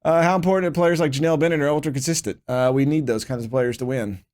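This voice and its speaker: A man's voice: a little high, fast, a little mellow. A man streaming a football management game, chatting casually and reading the game's prompts aloud as he reacts to them. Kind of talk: casual gameplay commentary.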